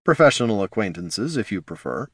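Male narrator as an unbothered wizard, matter-of-fact, lively phrasing, dry sound. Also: fairly low pitch, brisk, husky, dry recording. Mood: detached. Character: calm, detached male wizard.

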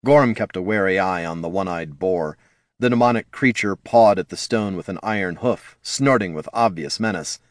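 A man narrating a fantasy audiobook in a measured storytelling manner. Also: deep voice, no room sound, studio quality. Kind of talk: scripted narration.

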